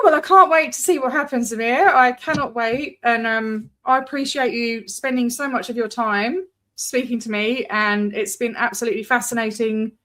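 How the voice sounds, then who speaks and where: A woman's voice: a little high, fairly bright tone. A woman host from Scotland with a London accent and an Australian twang, chatting casually and swearing freely in an interview.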